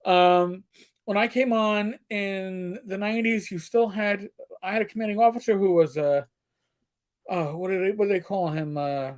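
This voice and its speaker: A man's voice: high voice, fairly even intonation, normal speed. A middle-aged man telling stories in casual chat, crude and joking, sometimes slipping into put-on voices. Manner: storyteller who slips into put-on voices, crude jokes. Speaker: co-host.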